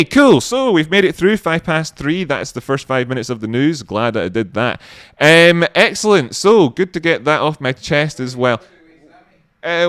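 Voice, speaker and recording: A man hosting a live stream, giving sarcastic, scornful, ranting news commentary with swearing and sudden jumps in pitch. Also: fairly bright tone, smooth, no room sound, clean studio sound. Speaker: livestream host.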